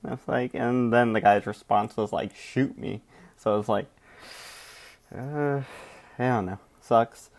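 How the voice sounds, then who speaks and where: A laid-back male host talking casually in a rambling, hedging way. His mid-pitched voice has a gravelly edge. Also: slow pace, long pauses, a little mellow. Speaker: show host. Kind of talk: casual commentary.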